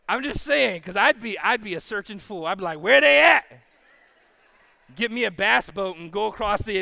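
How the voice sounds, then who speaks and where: A man's voice: high voice, vocal fry, pushed and bright, long reverb tail. A male pastor preaching a sermon, telling stories animatedly and acting out the quotes himself. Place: church sanctuary.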